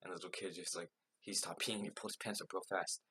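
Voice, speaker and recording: Young male vlogger, deep and slightly raspy, with a forceful edge. Loose, filler-heavy, self-deprecating storytelling. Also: fairly even intonation, quick pace. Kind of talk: casual storytelling.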